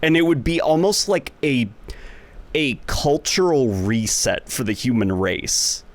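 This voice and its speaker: A man's voice: medium pitch, expressive, unhurried. A man co-hosting a casual gaming podcast, rambling and often restarting his thoughts mid-sentence. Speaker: podcast co-host. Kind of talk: casual chat.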